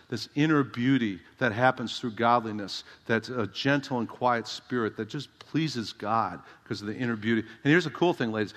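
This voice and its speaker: Long hall reverb surrounds this middle-aged man as he delivers a sermon as pastor. His mid-range voice has a fairly bright tone, and he speaks directly and conversationally, frequently posing rhetorical questions to the congregation.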